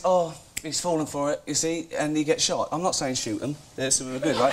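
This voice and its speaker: A man, a comic guest rambling through offhand deadpan jokes on a television comedy show. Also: fairly high pitch, quick pace, hardly any pauses. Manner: rambling, offhand, laughing at his own jokes. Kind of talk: improvised deadpan comedy chat. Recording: noisy studio recording.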